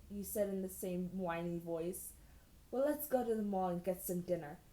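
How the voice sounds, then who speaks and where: A woman's voice: mid-range voice, moderate pace, mellow. A young woman reading old fan fiction aloud and breaking off for sarcastic, incredulous asides. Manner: sarcastic, incredulous asides between read passages. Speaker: YouTuber. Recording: roomy echoey room.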